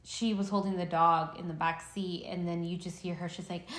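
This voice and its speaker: A young woman co-hosting a casual chat, excitable and quick to laugh and gush. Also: on the low side, echoey room. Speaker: podcast co-host.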